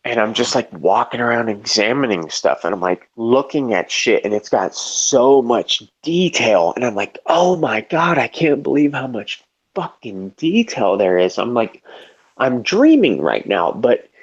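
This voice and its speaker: A man's voice: medium pitch, sing-song, a little slow, husky, highs cut off. A man telling a long story in casual chat, rambling and profane, full of "like" and restarts. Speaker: storyteller in a live debate chat.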